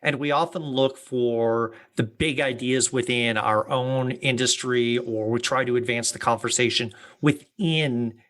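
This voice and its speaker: Host: a man with a mid-pitched, even voice, reflective and building his points at length. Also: a little slow, few pauses. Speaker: podcast host. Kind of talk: interview questions and commentary.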